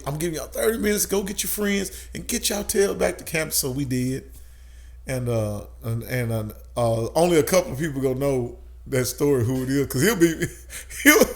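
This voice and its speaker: A man, a guest telling an animated story with frequent laughs. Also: medium pitch. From Tennessee, USA. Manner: animated, laughs often, swears. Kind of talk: casual storytelling.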